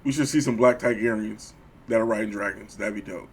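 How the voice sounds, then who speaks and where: Husky and on the low side, this middle-aged podcast co-host talks a little fast. The chat is casual and full of profanity, and he frequently performs voices when quoting people.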